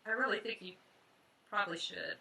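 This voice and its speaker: Teasing woman on a podcast, really bright voice, bit husky, bouncy pitch. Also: a little fast. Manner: teasing, playful. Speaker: podcast co-host. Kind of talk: casual chat.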